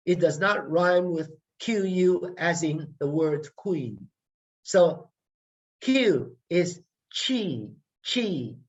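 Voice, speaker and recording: A man teaching a language workshop online, deliberately drilling each sound and repeating words for learners. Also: high-pitched. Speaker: language lecturer. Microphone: video call. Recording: muffled video call audio.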